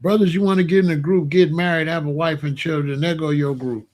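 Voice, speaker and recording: A man with a notably high-pitched voice rants straight to his audience in loose, casual commentary. He is animated and mocking, breaks into laughter, and keeps returning to the same catchphrase. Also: brisk. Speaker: online commentator.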